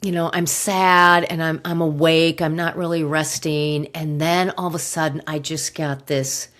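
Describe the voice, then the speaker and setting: A middle-aged woman hosting a podcast, telling a personal story in an emotional, halting way with sighs and pauses, close to tears. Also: low-pitched, level tone, fairly bright tone. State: near tears. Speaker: podcast host.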